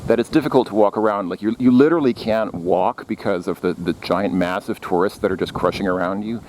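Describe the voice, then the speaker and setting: A man's voice: lowish voice, fairly quick, darkish tone, slight background noise. A man walking through a city as a travel vlogger, talking casually and rambling, with many fillers and restarts. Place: outdoors on city streets.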